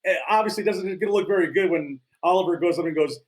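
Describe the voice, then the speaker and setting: A man's voice: sits high, fast, low-quality recording. A man around fifty from North Dakota, co-hosting a podcast in casual chat, telling stories in a jokey, self-deprecating way. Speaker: podcast co-host.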